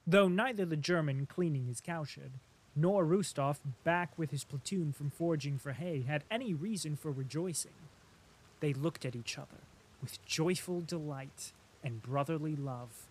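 A man reads a classic novel aloud in a slow, measured way. His voice sits somewhat high for a man and stays steady through the narration. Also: no echo. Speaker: audiobook narrator. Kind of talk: scripted narration.

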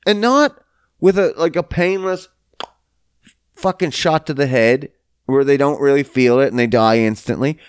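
A man giving a heated, profane ranting monologue, blunt and quick to swear. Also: medium pitch, clean tone, no echo, studio quality.

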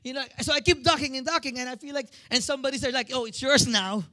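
A man preaches with a Filipino accent, his voice sitting fairly high. He is in his thirties and talks in an animated way, calling on the congregation to answer him back. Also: racing. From Philippines. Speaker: pastor. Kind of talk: sermon.

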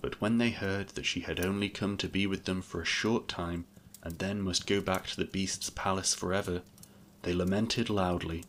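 A man narrating a classic fairy tale in a steady, measured storybook reading. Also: low voice, slight background noise.

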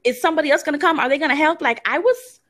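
A woman co-hosting a casual podcast, recounting her reactions in an animated way and acting out what she thought at the time. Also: high voice, very fast. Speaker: podcast co-host.

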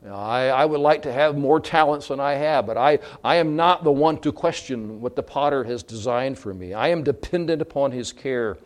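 A man's voice: medium pitch, moderate pace, few pauses. A man preaching a sermon in an earnest way, with some fillers and restarts. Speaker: pastor.

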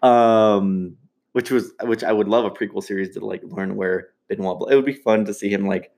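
A man casually talking about a movie with friends, animated and laughing as he jumps in with his own take. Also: fairly low pitch, normal speed.

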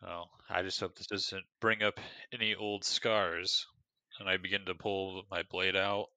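Deep-voiced man playing a tabletop game. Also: a little slow, dry recording, low-quality recording. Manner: casual, relaxed, a bit hesitant. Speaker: player.

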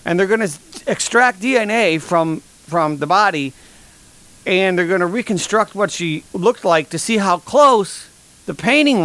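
High-pitched man ranting deadpan. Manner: deadpan, sarcastic rants with mock ads. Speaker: podcast host. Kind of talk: comedic monologue.

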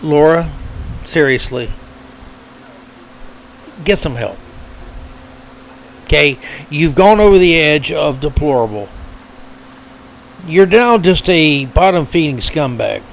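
A man's voice: on the high side, animated, takes it slowly, creaky, pauses often, slight background noise. A man hosting his own podcast, giving heated, indignant political commentary with frequent fillers and restarts. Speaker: podcast host.

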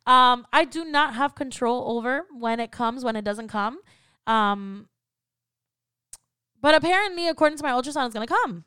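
A woman's voice: high voice, a bit bright, clean tone, no room sound, clean studio sound. A woman in her thirties talking candidly on a faith podcast, conversational and often checking in with "right?". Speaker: podcast co-host. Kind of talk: personal faith talk.

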